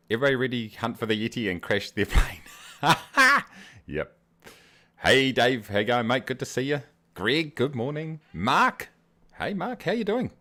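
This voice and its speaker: A low-voiced man with a New Zealand accent chats casually through a livestream. He jokes around and greets his viewers by name one after another. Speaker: livestream host.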